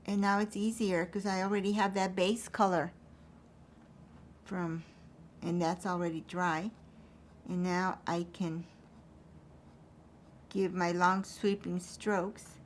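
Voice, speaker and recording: A woman teaching an acrylic painting demonstration, thinking aloud as she paints in a relaxed way. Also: on the low side, slow, pauses often, a little hiss or hum.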